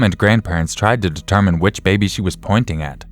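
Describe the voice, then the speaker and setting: A man reading a scripted horror story in the first person, in a measured, even way. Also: deep voice, soft background music. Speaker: narrator.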